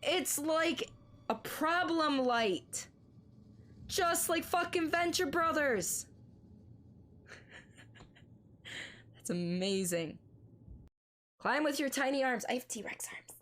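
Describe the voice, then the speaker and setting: A woman's voice: high-pitched, animated, slow, long pauses, a bit bright, a little hiss or hum. A woman streamer chatting casually with her viewers and commenting on gameplay clips, swearing freely and laughing at herself.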